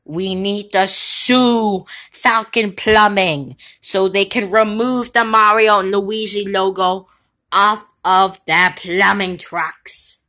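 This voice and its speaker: A woman's voice: mid-range voice, fairly even intonation, slow pace, sharp tone. A woman voicing Luigi, an earnest worried plumber. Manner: earnest, plainly explaining.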